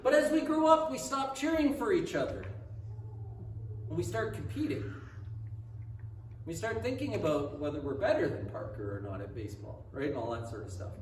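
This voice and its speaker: A man pastor delivering a conversational sermon full of rhetorical questions. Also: extremely high pitch. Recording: echoey hall, speaker far from mic, faint noise.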